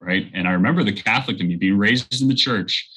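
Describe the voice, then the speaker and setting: Guy in his 30s, deep and kinda husky, earnest storytelling in an interview. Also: fast talker, sharp tone, low-quality recording. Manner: earnest storytelling, acts out quoted voices. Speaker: guest. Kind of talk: personal testimony in conversation.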